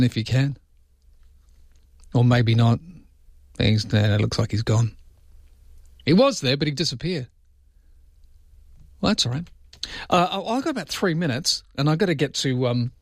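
A man's voice: medium pitch, animated, moderate pace, pauses often, no room sound, studio quality. An Australian man hosting late-night talkback radio, chatty and rambling, with mock-indignant outbursts. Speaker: overnight radio host. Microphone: studio microphone.

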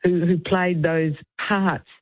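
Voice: mid-range voice, fairly even intonation, slow pace, no room sound. Film reviewer on a phone line. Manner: chatty, with frequent ums and a light laugh. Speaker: radio film reviewer and show host. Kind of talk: casual radio chat and film review. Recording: dry, narrow phone-like sound.

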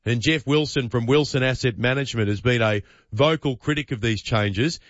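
A man's voice: mid-range voice, moderate pace, no room sound, muffled recording. An Australian man hosting a breakfast radio show, delivering opinion commentary with punchy, emphatic rhetoric. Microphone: studio microphone.

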